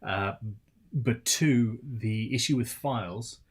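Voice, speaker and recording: A man's voice: mid-range voice, slow pace, breathy edge. A tired man, hosting a casual live-stream Q&A as a luthier, chatty and rambling with self-deprecating asides.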